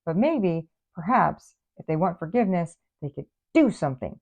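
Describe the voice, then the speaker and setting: Sassy low-voiced gravelly woman. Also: big pitch swings, normal speed, few pauses, a little mellow, dull audio. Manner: sassy, exasperated asides. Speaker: tarot reader. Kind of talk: casual tarot reading.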